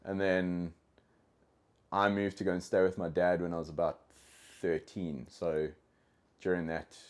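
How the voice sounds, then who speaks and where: Podcast guest: low-voiced South African man, chatty and rambling, lots of restarts. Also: level tone, a little slow, clear, resonant tone. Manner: rambling, with frequent restarts and fillers. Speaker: guest, dog trainer. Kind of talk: casual podcast conversation.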